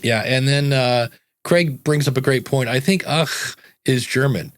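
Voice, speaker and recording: A man's voice: medium pitch, normal speed, dry recording, clean studio sound. A man hosting a podcast in casual chat, reading listener comments aloud and riffing on them. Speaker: podcast host.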